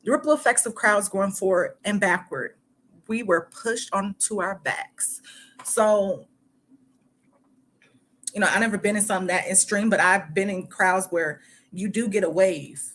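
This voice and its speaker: A woman's voice: mid-range voice, fairly bright tone. Chatty woman reading news aloud. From Michigan, United States. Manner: halting reading broken by chatty asides full of "like". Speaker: host. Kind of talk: casual commentary while reading a news article aloud.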